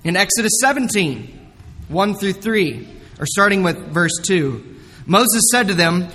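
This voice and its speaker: Male pastor, high voice, slow and emphatic sermon delivery, big echoing hall. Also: fairly bright tone. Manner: earnest, emphatic preaching with dramatic retellings.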